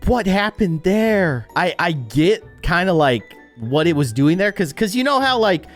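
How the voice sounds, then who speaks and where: A man doing casual reaction commentary as a YouTuber, animated, laughing and easily shocked, on a close desk mic. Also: high-pitched, measured pace, soft background music.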